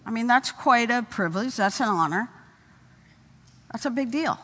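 An older woman speaking at a conference, telling humorous stories in a lively way and often repeating her words. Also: a little high, moderate pace, in a large hall. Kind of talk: storytelling conference talk. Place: conference hall stage.

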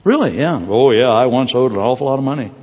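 Man doing a sheepish servant, quick shrugging answers, dull echoey hall. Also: mid-range voice, lively intonation, a little mellow, natural voice. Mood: offhand. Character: sheepish indebted male servant. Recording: dull sound with long hall reverb.

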